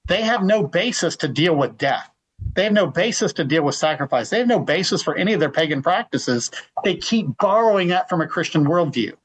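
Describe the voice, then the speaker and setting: Emphatic middle-aged man, slightly high voice. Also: expressive, a little fast, breathy edge, low-quality recording. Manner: emphatic, repeats words, retells arguments. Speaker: guest speaker. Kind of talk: answering a question in a live Q&A.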